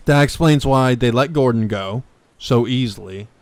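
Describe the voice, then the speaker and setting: A podcast co-host with a mid-range male voice talks at a moderate pace in a dry, echo-free recording. He casually recaps a TV episode, rambling along with plenty of fillers and restarts.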